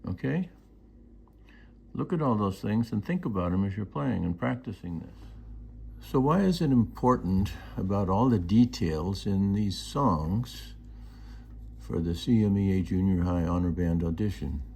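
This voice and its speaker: A man's voice: fairly low pitch, lively intonation, a little slow, gravelly, darkish tone, slightly rough. A man teaching music, explaining markings and singing out rhythms and counts. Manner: sings rhythms and counts beats aloud. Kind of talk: instructional explanation.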